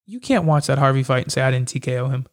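Talking quickly in a mid-range voice, a young mixed martial arts fighter shares fight stories as a guest in an easygoing interview. He's lively throughout, playing out each quoted exchange.

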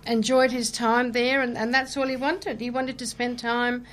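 A woman, a volunteer wish coordinator, speaking as a radio interview guest, hesitant and soft-spoken with many pauses and fillers. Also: on the high side, flat delivery.

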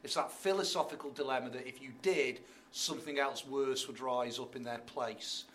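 A man from Liverpool chatting as a guest, quick-witted and teasing. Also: mid-range voice, fairly bright tone, slight background noise. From Liverpool, England. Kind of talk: casual chat.

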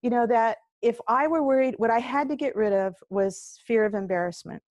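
A woman's voice: fairly high pitch, normal speed, no room sound. An older woman, a singer-songwriter and courage coach, telling stories in a casual interview and acting out the voices she quotes. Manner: animated storyteller who acts out quoted voices.

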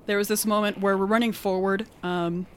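Casual podcast co-host: a woman with an accent, mid-pitched, giggly, animated game recap, faint background hiss. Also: fairly quick. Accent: non-standard accent of her own. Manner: animated, laughing often, heavy use of "like". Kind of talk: casual storytelling chat.

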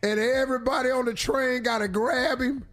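A man's voice: very high-pitched, fairly even intonation, a bit bright. A man hosting a radio talk show, teasing his co-hosts with jokes in casual banter. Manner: teasing, joking, drawn-out exclamations.

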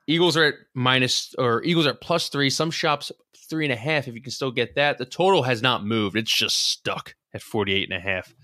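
Man, sports podcast co-host, casual betting talk, excitable, swears, bright tone, dry close sound. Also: mid-range voice, fairly quick, hardly any pauses, dry recording.

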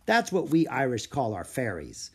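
A dreamy old Irish storyteller who believes in fairies, as a reader puts her on. Her telling is hushed and lilting, rising and falling widely, with a husky grain to the voice. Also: medium pitch, wildly swooping pitch, moderate pace. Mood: storytelling.

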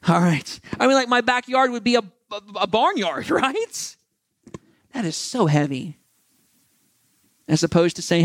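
A man preaching a sermon in a casual, conversational way, often jumping higher in pitch for animated asides. His voice sits a bit high for a man. The sound is dry, with hardly any room echo. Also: fairly quick. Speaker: pastor. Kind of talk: sermon with closing prayer.

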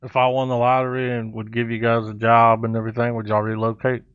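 A man's voice: mid-range voice, monotone, clean tone, no room sound. Male co-host, wisecracking sidekick energy, slightly muffled dry sound. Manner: joking, quick interjections. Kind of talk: casual chat.

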